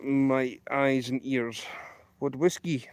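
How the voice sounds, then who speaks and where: A Scottish man hosting a casual live walking stream outdoors at night, chatting in a rambling, hushed way into his phone. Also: mid-range voice, fairly even intonation, slow, smooth. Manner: rambling, chatty, kept quiet. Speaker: livestream host.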